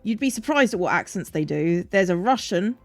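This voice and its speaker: A woman's voice: fairly low pitch, animated, fairly quick. A woman co-hosting a live stream, chatting in an easygoing way and laughing as she talks. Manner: easygoing, laughs while talking. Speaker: streamer co-host. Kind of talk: casual chat on a live stream. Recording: faint music behind.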